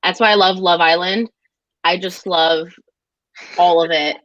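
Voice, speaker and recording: A woman hosting a casual video-call chat, talking in quick bursts and laughing often. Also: lowish voice, fairly even intonation, a bit bright, no room sound. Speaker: host of a booktube live stream. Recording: dull lo-fi call audio, dry.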